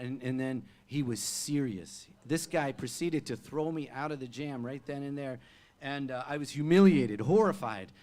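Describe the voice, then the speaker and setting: A male singer-songwriter telling an animated stage story between songs at a live music venue, chatty with fillers and restarts. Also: medium pitch, moderate pace.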